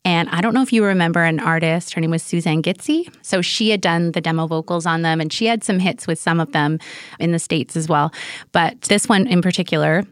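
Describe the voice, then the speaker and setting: A woman telling stories as a guest in a casual interview, animated and quick to laugh. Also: lowish voice. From Canada. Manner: animated storyteller, laughs often. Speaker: guest singer.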